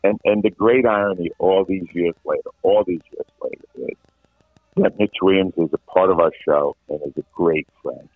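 A middle-aged man with a very low, husky voice tells stories in an animated, casual way, often restarting his sentences. He comes through a thin, phone-like line. The sound is dry, with no room around him. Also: moderate pace, no room sound. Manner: animated anecdotal, frequent restarts. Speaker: veteran sports radio host, guest. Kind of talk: casual storytelling chat.

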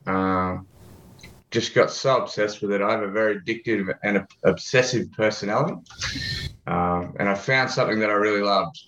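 An Australian man speaks as a guest in a relaxed interview, joking and swearing casually. His voice sits fairly low and sounds echoey and muffled, like a lo-fi call recording. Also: moderate pace. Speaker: guest, ad consultant.

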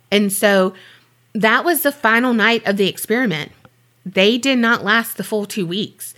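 Co-hosting a podcast, a woman with a medium-pitched, fairly bright voice recounts a true-crime case. Her delivery is loose and talkative, with casual cursing sprinkled in.

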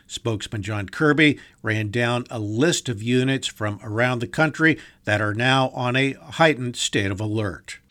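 Guy anchoring the news, punchy and emphatic, mid-pitched voice. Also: measured pace, few pauses, pushed and bright. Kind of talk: scripted news reading.

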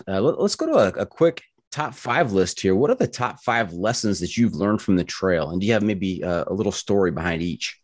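A male podcast host asking easygoing interview questions in a relaxed, casual way. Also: on the low side, dry recording, clean studio sound.

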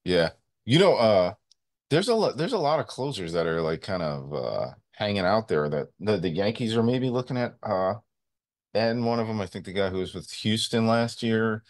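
A man in his thirties co-hosting a sports talk show, telling stories in a rambling, animated way with many fillers. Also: fairly low pitch, normal speed. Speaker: sports radio co-host.

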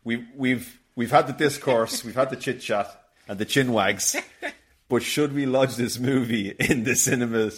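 A man's voice: mid-range voice, measured pace, breathy edge. A man co-hosting a podcast, chatting casually about films, laughing often and restarting his sentences as he rambles. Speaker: podcast co-host. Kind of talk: casual film chat.

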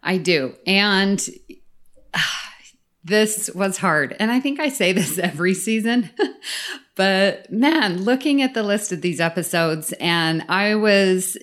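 A woman's voice: mid-range voice, expressive, slow, fairly bright tone. A woman co-hosting a podcast in casual chat, talking with enthusiasm and frequent laughter. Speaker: podcast co-host.

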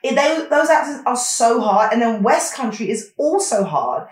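A woman's voice: on the high side, very animated, normal speed. Chatty young London woman in a roomy echo. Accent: London English. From London, England. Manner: chatty, laughs often, restarts sentences. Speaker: podcast guest. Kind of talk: casual chat.

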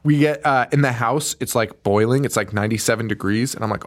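A man's voice: medium pitch, quick pace. Laughing, rambling young man. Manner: rambling, swears, laughs a lot. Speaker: podcast co-host. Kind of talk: casual chat about horror films.

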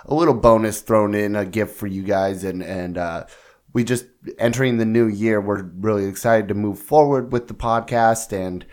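Give me a raspy-voiced man co-hosting a podcast, talking across the table into a studio mic. He sits fairly low in pitch and keeps an easygoing, laid-back pace of casual chat. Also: normal speed, darkish tone. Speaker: podcast co-host.

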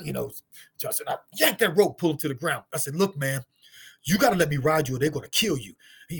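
Husky st louis guy telling a story fast, voice jumps all over, laughs a lot. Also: big pitch swings. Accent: St. Louis, African American Vernacular English. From St. Louis, USA. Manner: acts out dialogue in high voices, laughs often. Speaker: guest storyteller, martial artist. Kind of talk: animated casual storytelling.

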